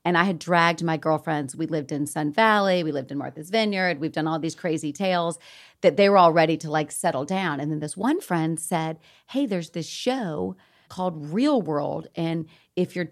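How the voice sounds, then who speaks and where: Her voice deep and her pace normal, a middle-aged woman from Atlanta tells stories in her Southern accent as an interview guest. The chat is casual, and she laughs animatedly as she acts out what people said.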